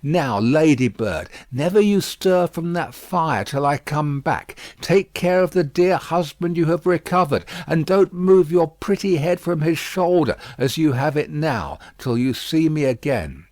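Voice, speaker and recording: A fussy, loyal Englishwoman servant, bustling and emphatic, her voice pitched high and swinging up and down, as a man reads her in an audiobook. The sound is close and dry. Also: expressive, unhurried, few pauses, darkish tone, dry recording.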